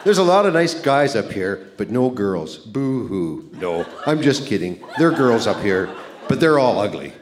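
A man in his sixties reads his old love letters aloud to a live audience on stage, playful and amused. His medium-pitched voice is sing-song at a normal speed, with background noise present.

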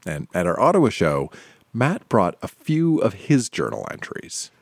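A man hosting a show, giving measured, scripted narration that introduces each reader. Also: lowish voice, huge pitch swings, creaky, no room sound, clean studio sound. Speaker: podcast host.

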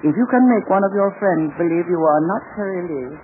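An actor playing a formal, measured military general in a 1940s radio drama. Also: male voice, sits high, phone-quality sound, lightly acted. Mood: commanding. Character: military general, formal, commanding, middle-aged. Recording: scratchy 1940s radio broadcast with hiss.

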